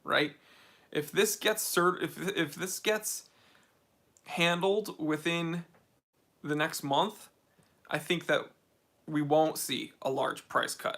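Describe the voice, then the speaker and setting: Relaxed chatter from an American male host running a casual livestream Q&A for a watch channel out of his home game room. His voice is slightly high and bright, and he reads viewer comments aloud in a laid-back way.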